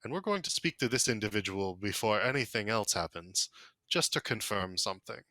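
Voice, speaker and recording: A man voicing a brisk noble man who takes charge and calls his companions lads. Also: fairly low pitch, animated, sharp tone, no echo. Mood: commanding. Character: commanding noble man leading the group.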